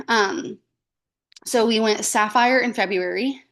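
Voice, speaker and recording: A woman's voice: mid-range voice, steady tone, moderate pace, sharp tone. Chatty woman telling her story. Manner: chatty, frequent "like" and "um", acts out quoted dialogue. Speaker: guest speaker. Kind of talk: casual personal story on a team call. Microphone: video call.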